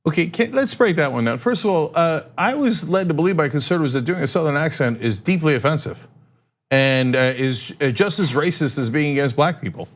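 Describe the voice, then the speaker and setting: Man, high voice, political commentary host, sarcastic, indignant. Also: lively intonation, brisk.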